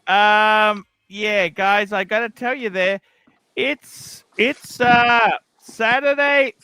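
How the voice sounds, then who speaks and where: A man hosting a casual livestream, teasing a caller with blunt, rapid-fire questions. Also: high voice, steady tone, sharp tone, clean tone, no room sound, low-quality recording. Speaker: livestream host. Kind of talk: casual live-stream chat.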